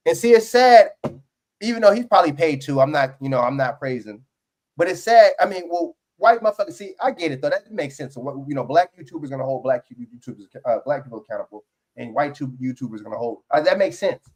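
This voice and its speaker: A man's voice: fairly high pitch, expressive, quick pace, darkish tone. Fired-up New man ranting. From New York. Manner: profane, heated ranting with many restarts. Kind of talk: heated political podcast chat.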